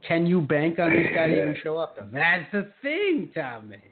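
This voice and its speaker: A man's voice: on the high side, huge pitch swings, moderate pace. Profane ranting man on a tinny line. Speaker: podcast co-host. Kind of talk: casual chat. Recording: phone-like lo-fi sound.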